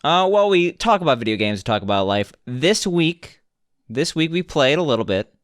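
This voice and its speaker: A man co-hosting a casual gaming podcast, ribbing his partner with a jokey, teasing manner. His voice is smooth and resonant, recorded dry and close over a remote call. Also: fairly high pitch, very animated, moderate pace, no echo. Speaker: podcast co-host. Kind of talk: casual banter about video games.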